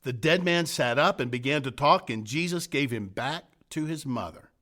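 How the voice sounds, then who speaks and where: Middle-aged male pastor, sermon delivery, earnest and emphatic, lively swinging pitch. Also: moderate pace. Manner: earnest, building emphatic repetitions then dropping to soft hushed phrases. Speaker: senior pastor.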